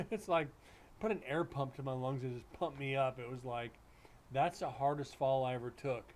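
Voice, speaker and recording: A man's voice: mid-range voice, moderate pace. A man hosting a livestream, telling stories in a loose, blunt, joking way. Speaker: livestream host. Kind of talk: casual storytelling chat. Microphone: streaming setup mic.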